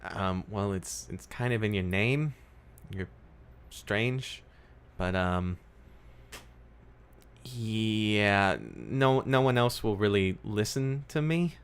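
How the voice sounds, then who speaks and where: A man voicing a tough but uneasy young woman who talks in halting, hesitant bursts. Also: fairly low pitch, smooth.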